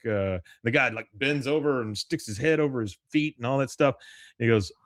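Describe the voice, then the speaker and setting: A man's voice: mid-range voice, normal speed, no room sound. Guy on a podcast walking through an episode, quoting lines and laughing, dry sound. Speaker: podcast co-host. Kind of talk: casual episode recap chat.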